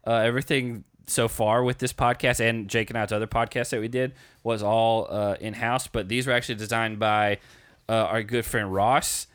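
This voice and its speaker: A man's voice: lowish voice, steady tone, moderate pace, fairly bright tone, no echo, clean studio sound. A man co-hosting a podcast, running through announcements in a loose, rambling way with lots of fillers. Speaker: podcast co-host. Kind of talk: casual podcast chat.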